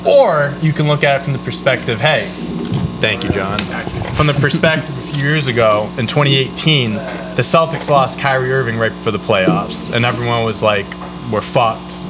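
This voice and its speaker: A man co-hosting a podcast, giving animated, opinionated takes in casual sports chat. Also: medium pitch, normal speed, noisy background. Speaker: podcast co-host.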